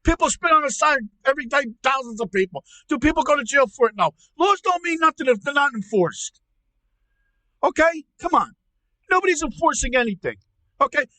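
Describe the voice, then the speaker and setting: A man playing an angry middle-aged uncle in a comedy podcast, ranting loudly, swearing and stammering. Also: very high voice, animated, brisk, no room sound, heavily acted. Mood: furious ranting. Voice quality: shouty, profane, stammering. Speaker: podcast co-host. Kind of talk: comedic rant.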